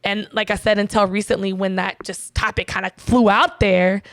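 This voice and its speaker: A woman's voice: medium pitch, steady tone, normal speed, no echo, clean studio sound. A young woman telling a personal story in casual, profane talk, quoting herself and others. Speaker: guest.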